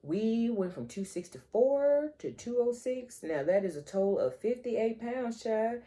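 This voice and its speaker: A woman's voice: a little high, expressive, unhurried, mellow. A woman vlogger, chatting playfully to her viewers and calling them honey and child. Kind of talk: casual chat to camera.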